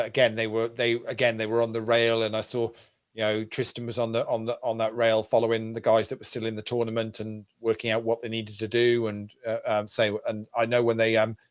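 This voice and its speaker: A man's voice: mid-range voice, a bit bright. A man from the UK hosting a poker show, chatting casually and calling the action, with lots of fillers and restarts. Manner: rambling, many fillers and restarts. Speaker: host. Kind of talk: casual chat and poker commentary.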